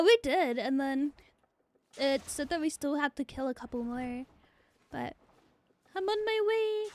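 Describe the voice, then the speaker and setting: High-voiced young woman streamer. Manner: casual, swears freely, laughs often. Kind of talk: casual gaming stream chat.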